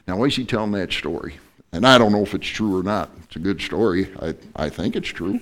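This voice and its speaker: Animated joking male pastor preaching. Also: sits low, a little fast. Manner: animated storyteller, joking asides. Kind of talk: sermon.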